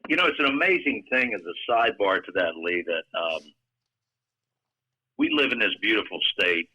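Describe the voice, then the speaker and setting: Husky older man, bright and forceful. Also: fairly low pitch, expressive, normal speed, dry recording, low-quality recording. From Pennsylvania. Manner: warm, earnest, speaks with conviction about his state. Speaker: guest, retired TV weatherman. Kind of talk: conversational interview.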